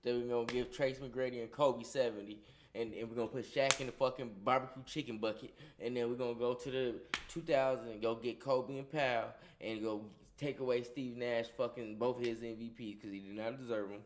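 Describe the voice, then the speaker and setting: Middle-aged male stream co-host, hyped and profane, joking loudly with chat, mid-pitched voice. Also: steady tone, brisk, slight background noise. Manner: hyped, loud and joking, repeats greetings. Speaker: co-host of a gaming livestream. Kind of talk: casual profane livestream chat.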